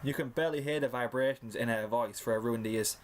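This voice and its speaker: Casting note: male reader, mid-pitched, hamming up the drama of a story read aloud. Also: quick pace, a little hiss or hum. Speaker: fanfiction reader. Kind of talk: dramatic narration of a second-person story.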